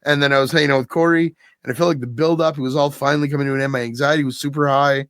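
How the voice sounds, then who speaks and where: A podcast host with a mid-range voice races through a weekend story in a relaxed, lively way, laughing as he goes. It's casual chat, and the sound is dry with no room echo.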